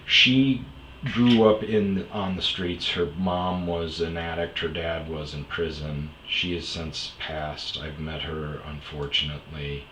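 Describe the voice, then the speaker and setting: A man's voice: very deep voice, level tone, takes it slowly, a bit bright, roomy sound, slight background noise, poor audio. A man from Wisconsin telling a personal story as a podcast host, blunt, candid and profane. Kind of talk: storytelling monologue.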